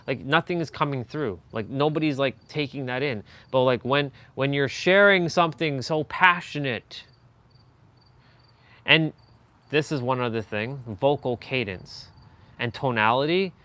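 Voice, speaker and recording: In a bright, forceful mid-range voice at normal speed, a man hosts a live stream and gives a viewer informal feedback on how they speak. He talks loosely, restarting often and leaning on fillers, and demonstrates by pushing his voice higher and lower.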